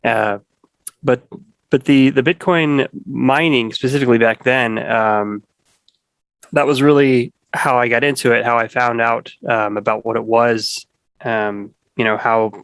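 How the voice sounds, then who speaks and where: Halting, rambling man in a dry room. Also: mid-range voice, fairly even intonation, a bit bright, smooth, no echo. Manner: rambling, many restarts and fillers. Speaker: podcast guest. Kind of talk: casual conversation.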